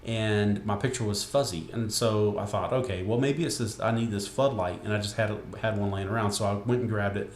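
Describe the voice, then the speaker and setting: Barely pausing, a man with a lowish voice speaks fairly quickly in an echoey room. He's a webcasting instructor giving an offhand, meandering tutorial from his home desk near a window, restarting and using fillers frequently, recorded via his computer screen.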